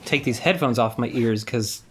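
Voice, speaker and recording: A streamer chatting casually on a game stream, sardonic and lively. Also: mid-range voice, normal speed, breathy edge. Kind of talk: casual gaming stream chat.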